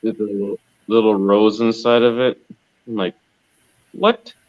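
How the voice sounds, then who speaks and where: A man chatting casually as a guest on a livestream, relaxed and joking. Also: on the low side, moderate pace. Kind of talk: casual chat. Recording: dull lo-fi sound.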